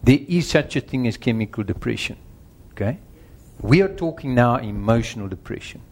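A man's voice: medium pitch, animated, moderate pace, a little mellow. A middle-aged man preaching a sermon, earnest and emphatic, working through numbered points and speaking directly to the congregation. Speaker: pastor.

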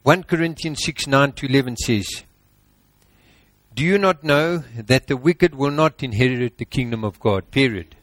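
A man's voice: medium pitch, normal speed, no room sound. A man preaching a sermon, emphatic and exhorting, piling up lists.

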